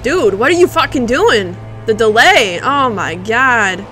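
A woman's voice: on the high side, lively intonation, unhurried, a bit bright, soft background music. A woman streamer giving live gameplay commentary, profane and exclaiming, talking back at a boss.

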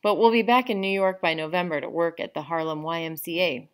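A woman's voice: fairly low pitch, fairly quick, lightly acted. Woman reading a kind, friendly neighbor. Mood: cheerful.

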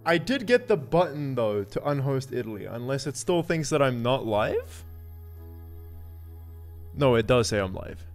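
Excitable male streamer with a lively voice. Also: mid-range voice, unhurried, long pauses. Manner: excitable, laughs often, jumps between loud yelps and mumbles. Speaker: live streamer. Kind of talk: casual live-stream chat, greeting viewers. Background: faint looping music.

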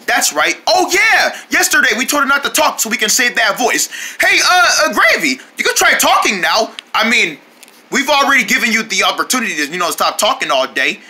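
Excitable high-voiced cartoon man. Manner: excitable and exaggerated. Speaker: cartoon voice actor and host. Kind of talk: animated cartoon skit.

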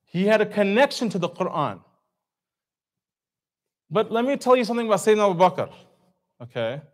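Guy giving a chatty talk to a crowd, kinda higher voice, keeps asking the room questions. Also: sing-song, brisk. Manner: conversational, asks the audience questions, acts out reactions. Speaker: speaker at a community talk. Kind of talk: informal religious talk to a live audience. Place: event hall.

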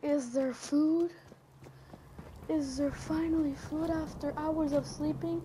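A high-voiced woman narrates her gameplay in a loose, goofy way, chatting at the characters on screen and breaking into silly made-up songs. She mostly takes her time between lines, with a faint hiss under the voice. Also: fairly even intonation, takes it slowly. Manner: goofy, talks to the game, makes up silly sung songs. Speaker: gaming channel host. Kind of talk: casual gameplay commentary.

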